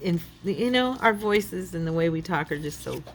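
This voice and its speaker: A woman's voice: lowish voice, lively intonation, moderate pace, a little hiss or hum. A middle-aged woman hosting a craft channel, chatting casually and thinking aloud as she works, often laughing. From United States.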